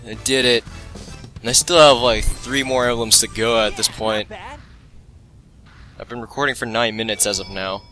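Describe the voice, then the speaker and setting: This gameplay commentator speaks at normal speed with frequent pauses, his medium-pitched voice set against faint background music on poor audio. He mutters to himself excitably and makes fun of his own errors as he plays.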